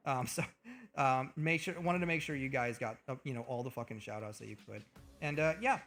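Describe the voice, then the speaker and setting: A young man streaming live, chatting casually in a rambling, excitable way with a lot of swearing. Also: mid-range voice, brisk, faint music behind.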